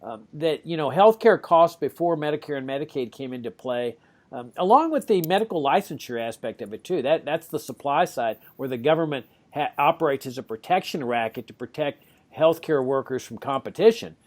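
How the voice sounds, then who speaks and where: Animated man, podcast host. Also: fairly quick. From Laredo, Texas. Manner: animated, sarcastic, swings pitch up for emphasis. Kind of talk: podcast discussion.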